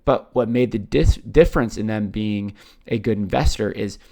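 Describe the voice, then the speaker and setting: A man's voice: lowish voice, normal speed, mellow. A man with a Canadian accent hosting a crypto channel, talking casually over his screen and tagging "right?" onto nearly every point. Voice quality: gravelly. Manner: chatty, says "right?" constantly, swears casually. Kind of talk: casual screen-share commentary.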